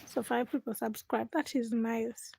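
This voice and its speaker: A woman's voice: a little high, steady tone, a little slow, gravelly, darkish tone, slightly rough. Chatty woman live streaming at home. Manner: chatty, talks to viewers while busy, drops to whispers at times. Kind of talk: late-night live stream chat while doing chores. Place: home at night.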